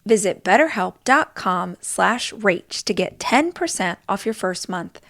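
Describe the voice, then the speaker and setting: A woman's voice: mid-range voice, animated, measured pace, a bit bright. Woman reading a sponsor ad. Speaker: host reading an ad. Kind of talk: read sponsor spot.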